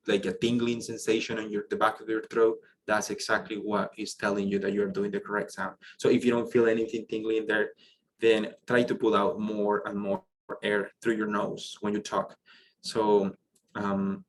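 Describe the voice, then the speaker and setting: A man's voice: fairly low pitch, slight background noise, poor audio. A man teaching a French pronunciation lesson to students, explaining patiently with frequent fillers and restarts. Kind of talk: online class lesson.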